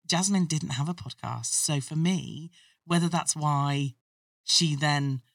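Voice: mid-range voice, slow, vocal fry, a bit bright, no room sound, studio quality, distant mic. A podcaster guest chatting casually and rambling through their thoughts. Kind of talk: casual chat.

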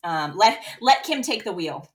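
A woman's voice: medium pitch, sing-song, measured pace. A woman in her thirties co-hosting a podcast, telling candid, rambling stories in casual chat and swearing freely. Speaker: podcast co-host.

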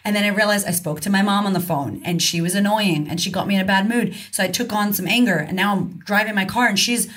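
A woman with a fairly bright, mid-range voice talks fast, barely pausing, as a guest in a candid conversational interview. She is a confidence coach and author, speaking frankly and emphatically and swearing casually.

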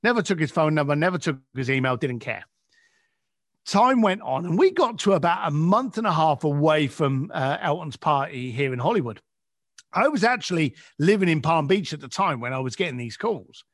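Male storyteller, high and lively, plays out dialogue, sinks to a hush for emotion. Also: normal speed, dry recording, studio quality. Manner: acts out voices, drops voice low and quiet for emotional moments. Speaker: guest telling a story. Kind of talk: animated anecdote.

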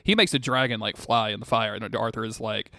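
Laid back podcast guy, gravelly voice, dry close sound. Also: fairly low pitch, fairly quick, bright, forceful tone, no echo. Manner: laid-back, swears casually. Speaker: podcast co-host. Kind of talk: casual recap chat.

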